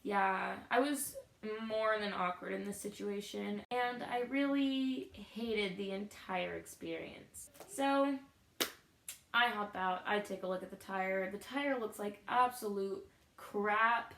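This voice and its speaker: A woman's voice: medium pitch, slow pace, vocal fry, fairly bright tone, roomy sound, slight background noise, poor audio. A young woman vlogging a self-deprecating story about her day, acting out what people said. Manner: self-deprecating, acts out quotes. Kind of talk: storytelling vlog.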